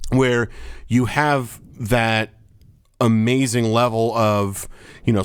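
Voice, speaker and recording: A man's voice: fairly low pitch, clear, resonant tone, dry recording, clean studio sound. A man co-hosting a casual movie podcast, rambling through his thoughts with lots of "you know" and "uh". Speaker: podcast co-host. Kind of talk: casual chat.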